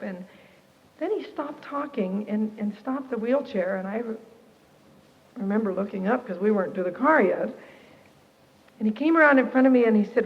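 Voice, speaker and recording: A woman giving a personal testimony to a Christian camp audience, expressive and animated, acting out the people in her story. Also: medium pitch, normal speed, long pauses. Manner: animated, expressive, quotes herself and others. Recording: dull lo-fi archive tape, reverberant hall.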